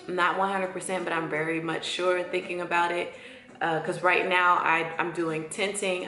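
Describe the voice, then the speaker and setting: Excited woman in her forties, echoey room. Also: on the low side. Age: 40s. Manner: excited, heartfelt and chatty. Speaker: esthetician. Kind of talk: casual vlog talk. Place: her empty new salon studio. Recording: echoey room with faint music.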